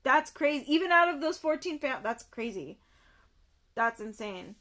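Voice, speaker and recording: A young woman streaming herself reading a book aloud and reacting, animated and quick to exclaim and repeat herself. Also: on the high side.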